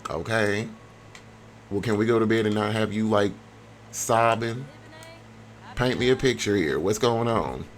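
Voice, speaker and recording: A young man with a fairly low voice talks through a life-sim game in loose, casual slang. His pitch leaps around, breaking into sudden high squeals. Faint ambient noise sits behind him. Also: expressive, a little slow. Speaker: gameplay vlogger. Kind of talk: casual gameplay commentary.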